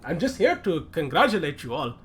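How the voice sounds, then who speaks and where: A man's voice: fairly high pitch, very animated, fairly quick, breathy edge. A man voicing a pompous older male elephant-folk mayor who talks in a chatty, self-important way. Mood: jovial.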